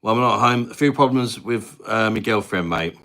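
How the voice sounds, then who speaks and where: A man's voice: fairly low pitch, brisk, sharp tone. A man in his thirties from England, hosting a casual live stream at his mum's house and chatting back to viewer comments in a matey way. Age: 30s. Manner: chatty, matey, reads viewer names aloud. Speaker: livestream host.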